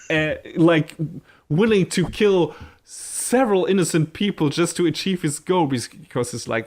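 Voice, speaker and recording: On a podcast, this co-host keeps a casual conversation going at a moderate pace, excited, quick to laugh and casually profane. His voice leans high, and he uses plenty of fillers and restarts.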